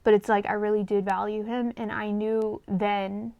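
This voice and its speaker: A woman telling a personal story to her camera, her mid-pitched voice full of gravelly fry. She talks candidly and rambles, with plenty of fillers and swearing, in an emotional, confessional way. The sound is dry and close. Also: flat delivery, normal speed, darkish tone, dry recording, highs cut off. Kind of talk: casual storytime.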